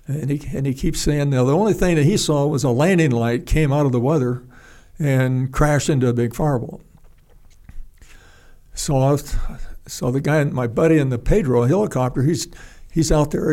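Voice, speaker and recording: An older man, a retired pilot, telling a story in a halting, rambling way with restarts and salty language. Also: on the high side, dark tone. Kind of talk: casual spoken storytelling.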